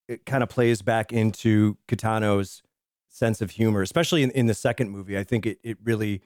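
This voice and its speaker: A man co-hosting a film podcast, telling movie scenes in an animated way, swearing and laughing as he goes. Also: mid-range voice, no echo, studio quality. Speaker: podcast co-host. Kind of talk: casual film discussion.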